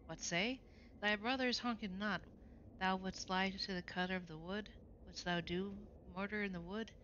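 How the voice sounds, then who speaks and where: A woman's voice: mid-range voice, steady tone, moderate pace, a bit bright, muffled recording, slight background noise, natural voice. A woman playing a stern woodcutter who questions a suspect in accusing, old-fashioned formal speech.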